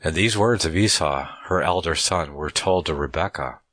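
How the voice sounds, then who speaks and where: Man, very deep voice, Bible teacher, reads scripture then comments, deliberate, restarts phrases, dry close sound. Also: a bit bright, no echo. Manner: measured, deliberate reading with frequent restarts. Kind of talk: reading scripture aloud with commentary.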